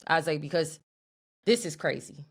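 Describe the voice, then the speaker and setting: A young woman co-hosting a podcast, telling an animated, profane story in a casual chat. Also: sits low, normal speed, slightly rough. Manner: animated, profane, talks to her co-host as "girl". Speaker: podcast co-host.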